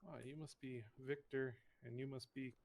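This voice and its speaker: A courteous man in a sci-fi video game, as voiced by an actor, polite and eager to help. His voice carries a gravelly rasp at a middling pitch, with faint hiss underneath. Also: fairly even intonation, moderate pace, darkish tone, natural voice. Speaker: game character.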